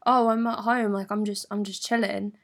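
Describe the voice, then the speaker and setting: A man's voice: sits high, level tone, normal speed, vocal fry. A woman quoting a careless young man who answers casually and dismissively, in close to her own voice. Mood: offhand.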